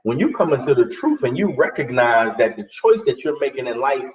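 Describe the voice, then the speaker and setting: A man's voice: medium pitch, big pitch swings, a little fast. A man preaching a blunt sermon full of street slang. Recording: distant, echoey, dull recording.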